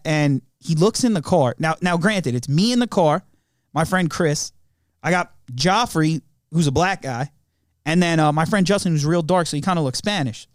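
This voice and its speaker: A young man tells a family story on a podcast, slangy and laughing as he acts out the lines. His voice sits fairly high, and the recording is dry and close. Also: fairly quick, dry recording. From Long Island, New York. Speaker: podcast co-host. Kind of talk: casual storytelling chat.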